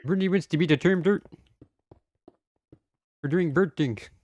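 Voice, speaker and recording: Man, game streamer, playful, excitable, silly sing-song bits, dry close sound. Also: fairly high pitch, moderate pace, no room sound. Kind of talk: casual game-stream chat.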